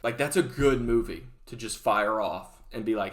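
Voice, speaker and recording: Young male movie-review host, mid-pitched, loose and rambling, self-interrupting. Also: moderate pace, few pauses, a bit bright. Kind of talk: casual rambling vlog rant.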